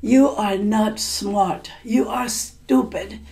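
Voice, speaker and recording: A woman storyteller voicing a stern, angry father who is a count, scolding his son slowly and with emphasis. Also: sits high, fairly even intonation, a little mellow.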